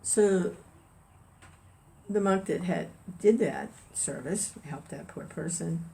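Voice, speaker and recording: Brief: woman, lower voice, casual devotional talk, chatty storyteller with restarts. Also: slow pace, vocal fry, dark tone, low-quality recording. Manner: conversational, restarts, chuckles. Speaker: devotional discussion leader. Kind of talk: informal spiritual talk with storytelling.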